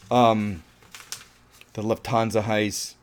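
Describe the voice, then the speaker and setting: Animated, rambling man reviewing a film. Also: lowish voice. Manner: rambling and animated, swears often, laughs, restarts a lot. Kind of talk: casual spoken film review.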